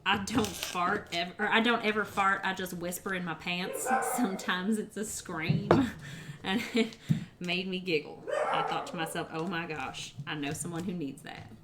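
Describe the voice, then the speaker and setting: A woman livestreams herself cooking in her home kitchen, chatting casually, giggling, and rambling to her viewers as she works. Her voice is lowish with fairly even intonation at normal speed, and there's loud background noise.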